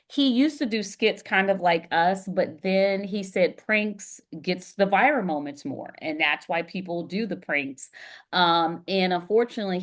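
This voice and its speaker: A middle-aged woman co-hosting a podcast, telling stories in a lively way with frequent filler words. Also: on the low side. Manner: animated storyteller, frequent "um" fillers. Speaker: podcast co-host and performer. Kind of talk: casual chat.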